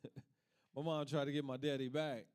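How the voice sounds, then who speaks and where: A man's voice: medium pitch, level tone, normal speed, darkish tone, clear, resonant tone. A man from Kentucky doing stand-up, telling laid-back family stories and laughing at his own jokes. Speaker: stand-up comic. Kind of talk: stand-up comedy.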